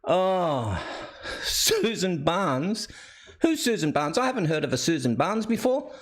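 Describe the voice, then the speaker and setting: Giggly Australian man, slow and lively. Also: high voice. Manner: giggly, keeps breaking into laughter. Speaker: livestream show host reading viewer comments. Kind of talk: casual live chat. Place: indoors.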